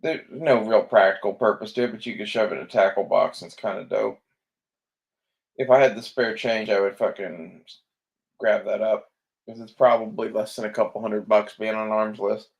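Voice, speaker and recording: A man with a low voice full of gravelly fry drifts through casual commentary. He sounds sleepy and unhurried, swears freely and trails off into fillers as he browses. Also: steady tone. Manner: laid-back, swears often, trails off with fillers. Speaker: gun vlogger browsing listings.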